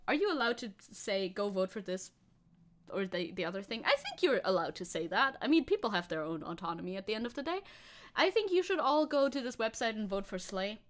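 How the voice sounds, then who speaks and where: A woman's voice: on the high side, fairly bright tone. A woman chatting casually on a live stream, playful and giggly, reading chat aloud.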